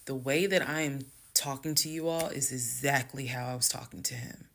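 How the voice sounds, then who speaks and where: A woman telling her own story to viewers in a frank, chatty way, going calm and hushed when she retells a conversation. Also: extremely low pitch, moderate pace, creaky. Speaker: storytime creator. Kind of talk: casual storytime monologue.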